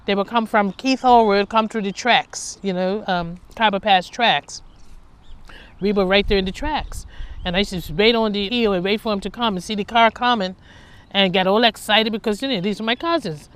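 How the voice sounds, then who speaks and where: A woman speaks at a medium pitch, recounting her childhood in a loose, conversational way. She is candid and reflective, and she often laughs at her own past. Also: normal speed, clean tone. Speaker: storyteller. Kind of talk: personal life story, told conversationally.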